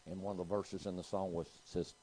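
A man's voice: deep voice, level tone, fairly quick, dark tone, husky, rough recording. A middle-aged man, preaching a sermon and telling a story, calling out to his congregation. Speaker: pastor.

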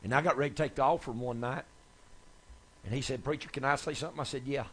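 A man preaching a sermon, telling folksy testimony stories that build to excited shouts. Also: mid-range voice, quick pace. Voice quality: gravelly, husky. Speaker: evangelist preacher.

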